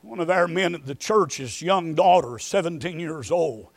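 A middle-aged man preaching a sermon, moving between quiet storytelling and shouted emphasis. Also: fairly high pitch, animated, unhurried, no room sound.

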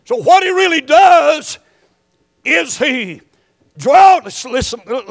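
A middle-aged man preaching a sermon, moving between quiet storytelling and shouted emphasis. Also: very high-pitched, big pitch swings, takes it slowly, gravelly, long pauses, no room sound, clean studio sound.

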